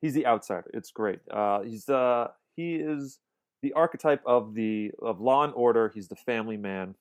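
A man's voice: mid-range voice, normal speed. A man co-hosting a casual film podcast, enthusiastic and rambling, restarting his sentences often. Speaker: podcast co-host.

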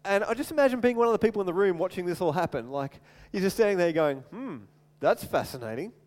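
A man preaching a sermon as animated storytelling, acting out voices and often repeating words, in a large hall with long reverb. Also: high voice, racing.

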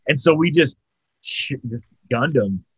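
A man's voice: a little high, animated, measured pace, breathy edge, dry recording, poor audio. A man telling a long story in casual, profane chat, full of fillers and restarts. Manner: rambling and profane, with lots of fillers. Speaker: storyteller among friends.

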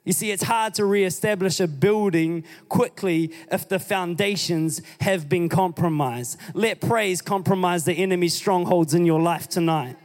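A man's voice: sits high, a little slow, hardly any pauses, darkish tone. A man preaching a sermon, reading scripture and urging his congregation on with emphatic exhortations. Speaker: pastor. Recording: long hall reverb.

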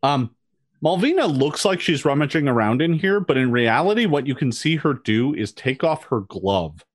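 A man's voice: mid-range voice, lively intonation, normal speed, breathy edge, no echo, clean studio sound. A man narrating as game master of a tabletop game, descriptive and hesitant, full of ums and restarts.

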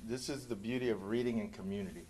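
A man leading a group Bible study, animated and joking, with sarcastic asides. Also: lowish voice, fast talker, a little hiss or hum.

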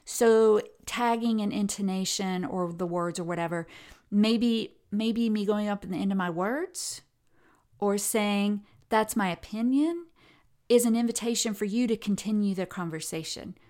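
A woman gives a recorded lecture in a loose, conversational way, with fillers and restarts along the way. She slips into expressive intonation whenever she reads quoted speech aloud, at a middle pitch. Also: moderate pace. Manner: conversational, with many fillers and self-corrections. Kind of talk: recorded lecture on language and gender.

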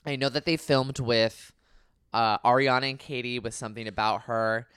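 A man hosting a podcast in casual chat, excitable and jokey. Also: mid-range voice, normal speed, clear, resonant tone, no room sound, clean studio sound. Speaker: podcast host.

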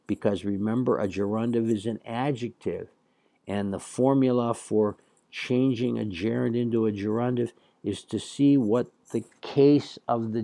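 A man's voice: mid-range voice, creaky, warm tone, no echo. A man teaching a Latin lesson, patiently reading and translating passages with some fillers. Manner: slow, patient explaining with fillers.

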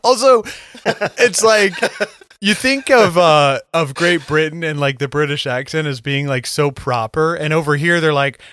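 A man's voice: fairly high pitch, a little slow, a bit bright, clear, resonant tone, no echo, clean studio sound. A man co-hosting a podcast in casual chat, laid-back, swearing and filling with "like" and "um". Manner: laid-back, swearing, laughing, lots of fillers. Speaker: podcast co-host.

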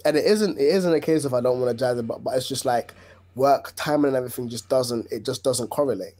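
A man's voice: medium pitch, quick pace, mellow. A man with a London accent, co-hosting a casual podcast chat and talking in an emphatic way that repeats his points. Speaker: podcast co-host.

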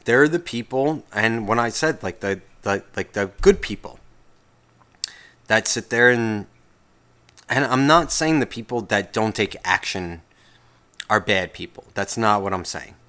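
A man's voice: on the low side, expressive, a little slow, sharp tone. A man hosting a solo podcast, ranting in a casual, rambling way, swearing constantly and cutting himself off mid-sentence. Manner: profane, rambling, self-interrupting. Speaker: podcast host.

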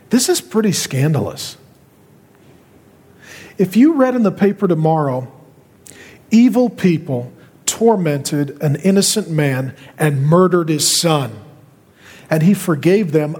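A middle-aged male pastor preaching a sermon with impassioned, dramatic pauses, in a church auditorium. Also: a little high, a little mellow, breathy edge. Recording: reverberant large hall.

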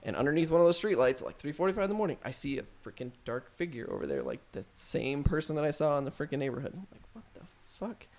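A man's voice: mid-range voice, big pitch swings, rapid-fire, gravelly, hardly any pauses, darkish tone. A young man telling a spooky story to friends in a loose, profane, casual way, full of fillers. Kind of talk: casual chat.

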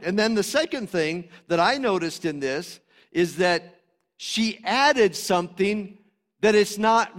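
A man preaches with real fervor, his voice sitting high and rising into loud, emphatic bursts before dropping back to a calmer teaching tone. The sound carries a long reverb, as from a large church sanctuary. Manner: passionate, swings between loud emphatic preaching and quieter explaining. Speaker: pastor. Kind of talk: sermon.

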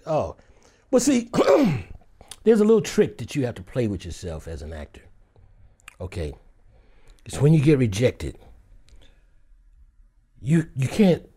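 Middle-aged man, actor, lively interview storyteller; high, swooping voice with frequent laughs. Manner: animated, laughing, acts out quoted voices.

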